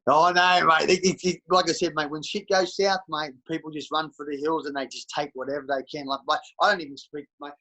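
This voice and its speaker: A man's voice: on the high side, little pitch movement, fairly quick, hardly any pauses, bright, forceful tone, poor audio. A middle-aged Australian man talking bluntly and profanely in a candid interview, calling everyone mate. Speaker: interview guest.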